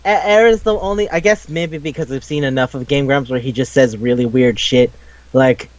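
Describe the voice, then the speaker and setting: A man's voice: medium pitch, dry recording, highs cut off. Rambling, profane man recapping a game. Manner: rambling, profane, acts out game characters in quick bits. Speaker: podcast co-host. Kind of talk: casual chat recapping a video game.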